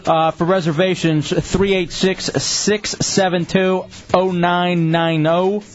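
A man's voice: high-pitched, little pitch movement, takes it slowly. A male radio host with a blunt, exasperated manner who bickers with his co-hosts and rattles off show promos. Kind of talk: radio talk show banter and plugs. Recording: dull lo-fi radio broadcast with faint music.

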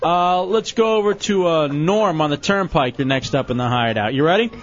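A man hosting a radio show in casual, animated banter, quick to tease and laugh. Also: fairly high pitch. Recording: dull lo-fi radio recording with faint music.

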